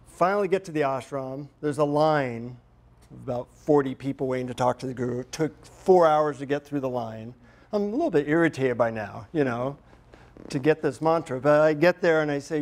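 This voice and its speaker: Man, workshop speaker, humorous storyteller, lots of fillers, fairly high voice. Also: fairly quick, darkish tone. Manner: humorous, chatty, many fillers. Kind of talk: storytelling talk to a live group.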